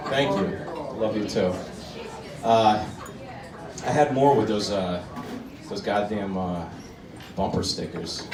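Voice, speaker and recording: A man doing live stand-up comedy in a comedy club, talking directly to the crowd in an animated way. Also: fairly low pitch, slow pace, pauses often. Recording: roomy club, distant mic, crowd laughter.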